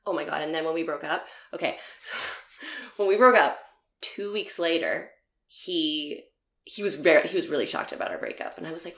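A woman's voice: on the low side, lively intonation, a little fast, vocal fry, a bit bright. A young woman telling a story in casual conversation, laughing often and acting out the dialogue. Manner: chatty, laughs often, acts out quoted dialogue. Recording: roomy echo.

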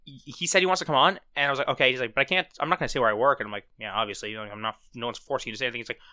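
A young man co-hosting a casual podcast, telling stories with acted-out quotes. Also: medium pitch. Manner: fast, animated storytelling with acted-out quotes. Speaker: podcast co-host. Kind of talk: casual chat.

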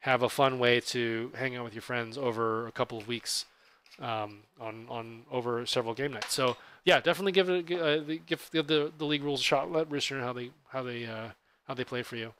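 A man co-hosting a podcast, chatting casually about tabletop gaming in a relaxed, explanatory way. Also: medium pitch, a little fast, slight background noise. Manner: relaxed, explanatory, self-correcting. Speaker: podcast co-host.

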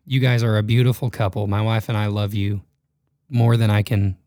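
A man's voice: lowish voice, steady tone, normal speed, dark tone, dry recording, studio quality. A married man hosting a church podcast, chatting casually with a couple and affirming them often. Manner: affirming, frequent "yeah" backchannels. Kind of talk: warm casual interview chat.

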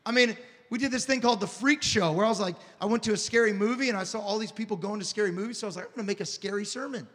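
A pastor preaching a sermon as an animated storyteller who swings from hushed confessions to shouting and often repeats and restarts his words. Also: high-pitched, very fast, big-room sound.

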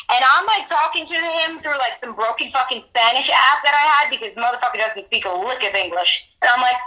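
A woman with a high, bright voice tells a rambling story in casual sports chat. She is animated and swears freely as she goes. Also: a little fast, rough recording. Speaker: podcast co-host.

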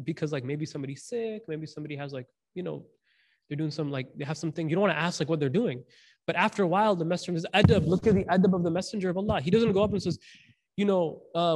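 Man, preacher, casual storytelling sermon, slangy, animated, slightly high voice.

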